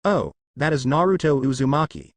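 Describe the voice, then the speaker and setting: A man's voice: medium pitch, lively intonation, normal speed, no echo, close to an everyday voice. A man reading the lines of a good-natured teenage demigod boy in his own plain voice. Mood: friendly.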